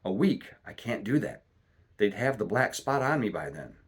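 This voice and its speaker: A man voicing a sick, rum-craving old pirate captain who talks in gruff, salty seaman's slang, reading a storybook aloud. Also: lowish voice, sing-song, moderate pace. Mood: agitated. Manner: gruff salty seaman's talk, pleading then cursing.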